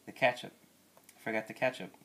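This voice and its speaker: A man voicing a cheerful, literal-minded housekeeper woman with bright folksy exclamations, reading a storybook. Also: a little fast, natural voice.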